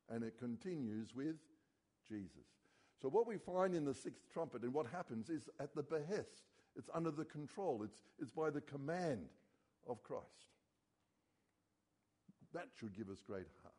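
Mellow-voiced preacher. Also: male voice. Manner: earnest preaching, drops low and quiet on key words. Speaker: pastor. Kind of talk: sermon.

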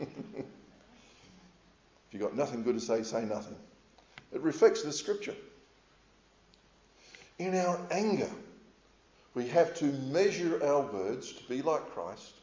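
A middle-aged man preaching a sermon in a measured, earnest way, with frequent hesitations as he speaks to a congregation. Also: mid-range voice, warm tone. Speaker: pastor. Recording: echoey, slightly dull room sound.

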